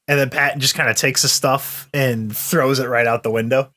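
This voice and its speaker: A man's voice: mid-range voice, fairly even intonation, normal speed, pushed and bright. A man playing in a tabletop game, describing his character's actions while thinking aloud with many restarts. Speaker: player. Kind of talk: tabletop role-play chat.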